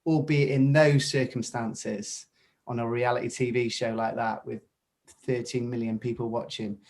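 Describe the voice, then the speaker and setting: An upbeat Welsh man chats freely as a podcast guest. His voice sits at an ordinary middle pitch, and he greets his hosts loudly and cheerfully before easing into relaxed stories. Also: moderate pace, vocal fry. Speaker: podcast guest, singer and radio presenter. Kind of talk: casual interview chat.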